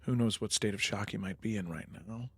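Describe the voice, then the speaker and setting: A man's voice: on the low side, brisk, husky, no room sound. A man playing a tabletop game, describing his character's moves hesitantly with many fillers. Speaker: player. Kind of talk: casual tabletop game chat.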